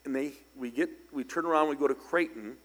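An older male pastor tells stories from the pulpit in an easy, conversational way, then breaks into loud, emphatic bursts. His voice sits at a middle pitch. A long reverb from a large church hall trails every phrase. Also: fairly quick, husky. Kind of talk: storytelling sermon.

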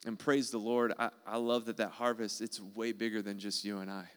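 A man's voice: lowish voice, flat delivery, brisk, clean tone. A man preaching a sermon in an earnest, emphatic way, repeating key phrases. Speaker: pastor.

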